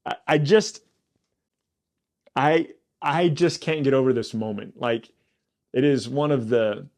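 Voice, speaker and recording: A male pastor gives a casual Bible lesson in a middle-pitched voice. He is animated and loose, stumbling over and repeating words when he gets worked up, and his voice climbs into excited disbelief at the twists of the story. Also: takes it slowly.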